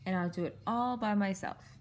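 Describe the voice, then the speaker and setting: A woman's voice: medium pitch, moderate pace, slight background noise, natural voice. A woman voicing a small, eager cartoon creature while reading a picture book aloud, with a bouncy, exclaiming manner. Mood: excited.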